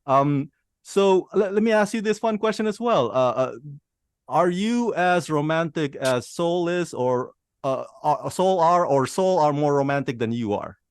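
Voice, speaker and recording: A man's voice: a little high, expressive, measured pace, clear, resonant tone, no room sound, studio quality. A man hosting an interview who asks questions in an enthusiastic, chatty way. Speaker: interview host.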